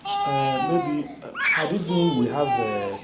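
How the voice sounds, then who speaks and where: A man's voice: on the high side, takes it slowly, loud music behind the voice, heavily acted. An actor playing a meddling, blundering gate man in a comic film, talking Nigerian Pidgin with stammers and slips. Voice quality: animated, slips into Pidgin, stammers over words. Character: meddling male gatekeeper, comically bossy and blundering. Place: indoor room. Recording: echoey room, loud background noise.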